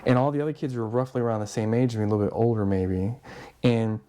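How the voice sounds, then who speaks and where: A man's voice: on the low side, fast talker, smooth. A man on a podcast telling a long story casually, swearing constantly and acting out other people's lines. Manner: profane, animated, acts out voices. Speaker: podcast guest.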